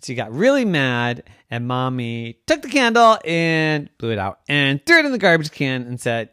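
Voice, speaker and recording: Animated bedtime storyteller, lively pitch. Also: moderate pace, few pauses, smooth, no echo, studio quality. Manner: animated, with sighs and small restarts. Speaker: parent telling a bedtime story.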